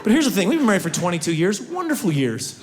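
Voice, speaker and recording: A male stand-up comic in his forties talks with a high, lively voice that bounces around a lot. He makes fun of himself and chats with the crowd, with a steady hiss under the stage recording. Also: quick pace. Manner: animated, self-mocking, talks to the audience. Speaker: stand-up comedian. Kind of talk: stand-up comedy. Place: theater stage before a live audience.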